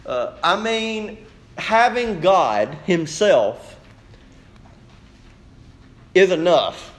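A man preaching a sermon as pastor, emphatic and conversational. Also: high voice.

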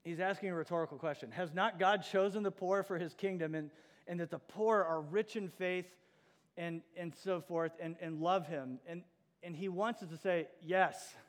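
A man's voice: high voice, moderate pace, big-room sound. A man preaching a sermon as pastor, earnest and emphatic. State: out of breath.

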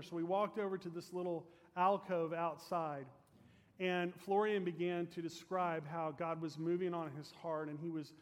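A man preaching a storytelling sermon as pastor, earnest and fervent, letting his phrase ends fall soft, then leading a prayer. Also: fairly high pitch, little pitch movement, normal speed, in a large hall.

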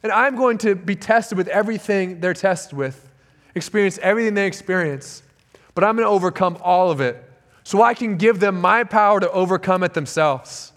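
A male pastor with a noticeably high voice delivers a sermon. He speaks earnestly and with emphasis, leaning on repeated phrases to drive each point home. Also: normal speed, fairly bright tone.

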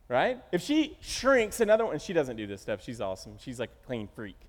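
A man's voice: medium pitch, huge pitch swings, fairly quick, few pauses. A middle-aged man preaching a sermon as pastor, telling stories animatedly and acting out the quotes. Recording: reverberant church hall.

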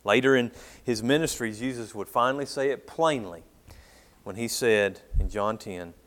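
Delivering a sermon with scripture readings, this pastor has a medium-pitched voice and a moderate pace. He swells in volume on important words, fades at phrase endings, and puts questions to his congregation.

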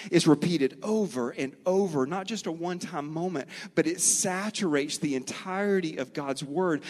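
A middle-aged man preaching a sermon, earnest and storytelling, slowing and speeding up for emphasis. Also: a little high, a little mellow. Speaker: pastor. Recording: long reverb of a large hall.

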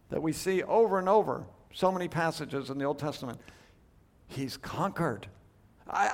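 Bible teacher, a man with a slightly high voice, emphatic, swings from loud stresses to hushed asides, rhetorical questions. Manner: thinks aloud with quick restarts and rhetorical questions. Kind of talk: Bible study lecture.

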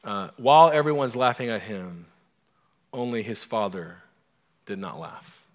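A pastor giving a sermon in a casual, storytelling way, breaking off for asides to the congregation. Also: male voice, lowish voice, expressive, a little slow, a bit bright. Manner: conversational, self-interrupting storyteller with asides to the congregation. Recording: long hall reverb.

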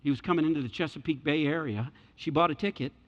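A man preaching a sermon and telling a story, swinging between loud passages and hushed ones. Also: on the high side, quick pace. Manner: dramatic shifts between loud and hushed delivery. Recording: echoey hall, dull lo-fi sound.

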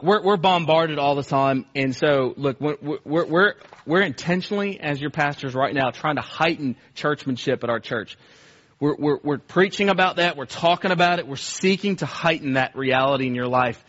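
A man's voice: a little high, fairly bright tone, dull audio. A male pastor preaching a sermon with passion, often repeating phrases and acting out quoted cries.

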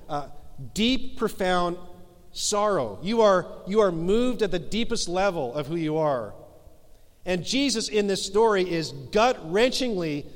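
A middle-aged male pastor preaching a sermon in a church, earnest and emphatic, slowing down to stress key phrases. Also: high-pitched. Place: church sanctuary. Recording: long hall reverb in church.

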